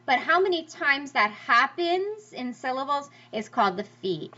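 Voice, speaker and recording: Lively, bright-voiced woman teacher. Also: high-pitched, normal speed. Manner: lively, emphatic, sing-song stress demonstrations. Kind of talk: classroom lecture over slides. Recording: slightly dull lo-fi recording.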